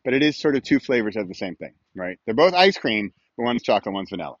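A man's voice: fairly low pitch, big pitch swings, fast talker, no room sound, dull audio. A man hosting his own weekly video podcast, chatting casually and rambling a little while he films himself outdoors. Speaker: podcast host. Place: outdoors with a morning view.

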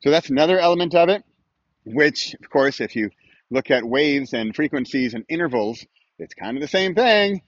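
A man's voice: a little high, expressive, moderate pace, dry recording, lo-fi sound. A man hosting his own weekly video podcast, chatting casually and rambling a little while he films himself outdoors. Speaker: podcast host. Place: outdoors with a morning view.

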